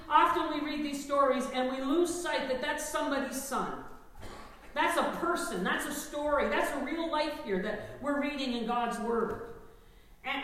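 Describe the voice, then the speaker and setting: A woman pastor preaching a lively sermon, engaging her congregation with call-and-response. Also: high-pitched, far from the mic. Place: church sanctuary. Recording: echoey hall, mic from afar.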